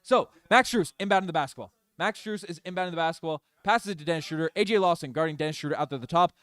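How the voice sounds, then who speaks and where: A man streaming fan play-by-play of a basketball game, excitable and openly partisan, talking to his chat. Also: on the high side, quick pace, dry recording. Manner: excitable, biased home-team fan chatting with his chat. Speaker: streamer doing live play-by-play. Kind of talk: fan play-by-play livestream commentary.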